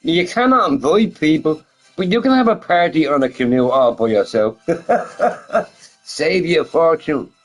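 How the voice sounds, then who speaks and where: Lively, swearing man ranting casually. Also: a little high, measured pace, faint music behind, poor audio. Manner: profane, laughing often, animated rhetorical questions. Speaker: gaming streamer chatting with viewers. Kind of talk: casual rambling chat.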